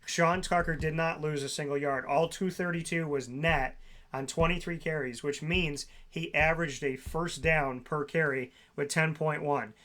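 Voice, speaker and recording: A man's voice: fairly high pitch, fairly even intonation, normal speed, a bit bright. A man co-hosting a sports talk show, reeling off stats and player names in long runs. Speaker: co-host.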